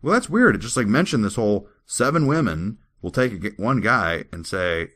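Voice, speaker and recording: A man's voice: lowish voice, big pitch swings, fairly quick, hardly any pauses, fairly bright tone. A podcast host, a man, reading scripture aloud and breaking off into wry joking asides in casual chat.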